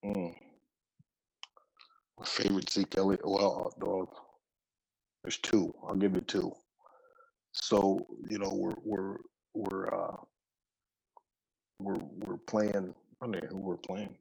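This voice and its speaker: A man's voice: low-pitched, slow, creaky, pauses often, rough recording. A middle-aged man, a football coach, telling stories in a casual interview, rambling and restarting his sentences. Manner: relaxed, rambling with frequent restarts.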